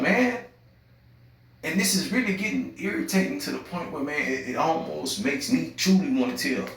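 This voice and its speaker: A young man speaking African American Vernacular English gives a heated, preachy monologue, repeating phrases and swinging between loud and quiet. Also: on the high side. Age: young adult. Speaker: podcast host. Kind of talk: impassioned monologue. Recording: very echoey room, voice far from mic.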